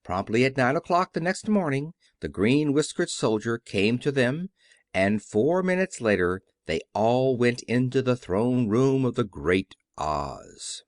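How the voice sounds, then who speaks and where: A man narrating a classic children's story as an audiobook with expressive storytelling. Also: medium pitch, a little slow, dry recording, studio quality. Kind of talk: scripted narration.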